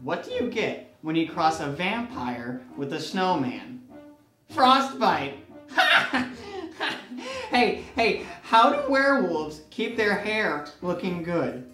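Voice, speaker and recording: A man's voice: high voice, sing-song, slow, pushed and bright, reverberant, faint music behind, heavily acted. A man playing a male ghost who once scared villages and now giggles at his own corny jokes. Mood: goofy.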